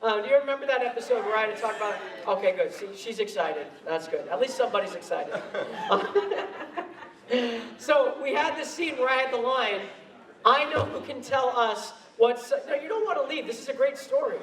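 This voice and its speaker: Far from the mic in an echoey convention hall, a man with an extremely high, somewhat bright voice tells stories on stage at a moderate pace. He's animated, laughing and poking fun at himself into a handheld mic.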